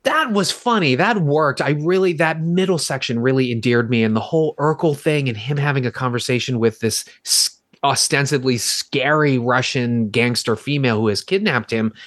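A man's voice: medium pitch, normal speed, few pauses, a bit bright, no echo, clean studio sound. A man co-hosting a podcast, retelling movie scenes in a rambling, exasperated way. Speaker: podcast co-host. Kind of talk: casual movie review chat.

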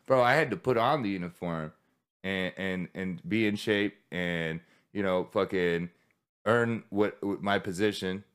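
A man's voice: lowish voice, fairly bright tone, clear, resonant tone. A man who is a military veteran, talking candidly in a casual podcast conversation, rambling with many restarts and swearing.

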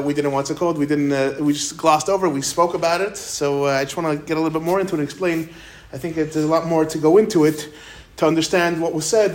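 Husky high-voiced rabbi explaining texts. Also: male voice. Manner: conversational, quotes commentators in lively paraphrase. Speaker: rabbi giving a weekly Torah talk. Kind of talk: informal Torah lesson.

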